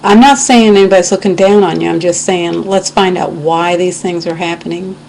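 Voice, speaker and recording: A woman's voice: on the low side, steady tone, moderate pace, creaky, a little mellow, slight background noise, low-quality recording. Indignant American woman in a webcam rant. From United States. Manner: indignant, impassioned, preachy with scripture. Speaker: video blogger. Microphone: webcam microphone.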